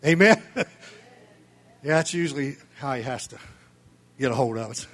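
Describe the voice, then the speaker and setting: A man preaching a sermon as pastor, fervent and emphatic, rising to near-shouting, with folksy asides and chuckles. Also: mid-range voice, moderate pace.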